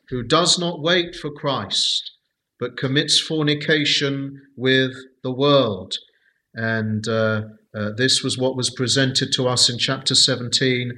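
A man leading a Bible study, speaking slowly and deliberately with many hesitant fillers. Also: medium pitch, pushed and bright, rough recording.

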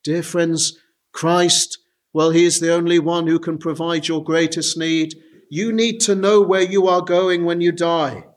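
High-voiced man preaching a sermon. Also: fairly even intonation, unhurried. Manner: earnest, repeated appeals to listeners.

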